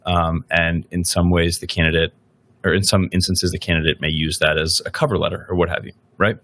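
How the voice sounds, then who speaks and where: Deep-voiced man hosting a podcast. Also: flat delivery, fairly quick, fairly bright tone. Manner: rambling, thinks aloud with frequent "right?". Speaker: podcast host. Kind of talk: podcast interview questions.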